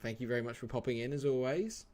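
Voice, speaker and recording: In a medium-pitched, darkish voice, a fast-talking streamer chats casually while playing a game. He jokes with viewers and answers them by name in the chat.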